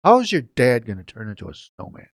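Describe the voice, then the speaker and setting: A man's voice: mid-range voice, wildly swooping pitch, fast talker, no echo, studio quality. A man hosting a casual live stream from his home setup, rambling and joking as he talks to viewers in chat by name. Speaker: livestream host.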